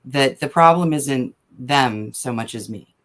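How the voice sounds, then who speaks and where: A woman writer on a podcast as a guest, talking quickly and thinking out loud in casual conversation with many fillers. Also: a bass voice.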